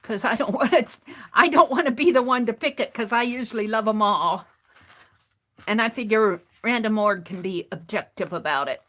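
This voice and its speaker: A woman art streamer with a fairly high, sharp-toned voice speaks at a moderate pace. She rambles through a story while crafting, chatty and casual, constantly restarting her sentences.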